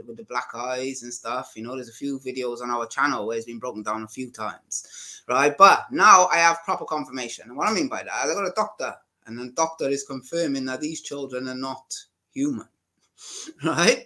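A man's voice: mid-range voice, bright, forceful tone. A man hosting a channel, talking emphatically in a casual way and tagging his points with "right?" and "you know?". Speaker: channel host. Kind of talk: casual opinionated talk.

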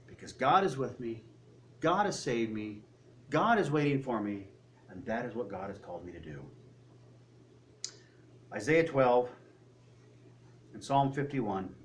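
A man preaching a sermon, swinging between loud, high peaks and low, quiet asides. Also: a little hiss or hum.

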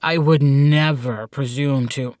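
A squeaky, flustered male demon supervisor, as a man puts him on stammers and fawns over his boss in an audiobook. The voice sits at a middling pitch with a dry, close sound and a slow, halting delivery. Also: fairly even intonation, darkish tone, dry recording, natural voice. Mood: nervous. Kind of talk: audiobook character voice.

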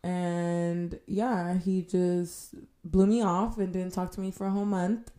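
A young woman co-hosting a casual podcast, speaking haltingly with deadpan jokes. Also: fairly low pitch. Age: young adult. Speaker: podcast co-host. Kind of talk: casual chat.

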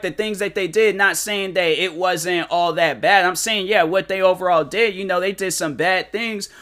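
A man's voice: sits high, pushed and bright. A man hosting a solo podcast, arguing his opinion in casual, slangy, emphatic and repetitive speech. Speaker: podcast host.

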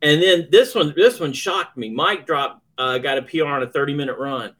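A man's voice: fairly high pitch, fairly bright tone. A man co-hosting a podcast, chatting casually, rambling and joking. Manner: chatty, rambling, quick to joke. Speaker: podcast co-host. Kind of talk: casual chat.

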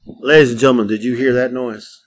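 A man's voice: mid-range voice, steady tone, fairly quick. A middle-aged man co-hosting a podcast, brash and joking, laughing often and swearing freely in casual banter. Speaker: podcast co-host.

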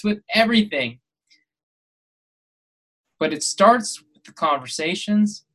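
A man's voice: high-pitched, a bit bright, low-quality recording. A man hosting a podcast, delivering a preachy motivational monologue that builds to emphatic, exhorting peaks. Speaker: podcast host.

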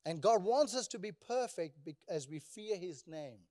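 A man with a very high-pitched voice preaches a sermon as pastor. He drives his points with rhetorical questions and prompts the congregation to answer back. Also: expressive, measured pace, darkish tone.

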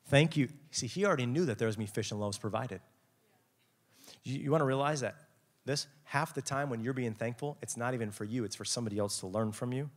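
A young adult man preaching a lively, jokey youth sermon, acting out quotes with big swings in his voice. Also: mid-range voice, quick pace. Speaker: youth pastor.

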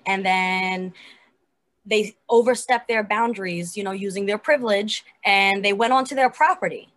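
An animated, chatty woman talking through her favorite scenes of a TV episode in a relaxed podcast conversation. Her voice sits at an ordinary middle pitch, and her speech is full of casual fillers. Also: moderate pace. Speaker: podcast co-host. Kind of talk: casual chat reviewing a TV episode.

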